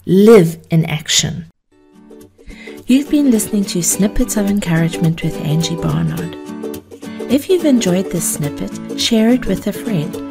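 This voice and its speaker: A woman hosting a podcast, telling an encouraging story in a measured, unhurried way. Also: mid-range voice, lively intonation, creaky, music in the background. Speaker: podcast host. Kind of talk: motivational storytelling.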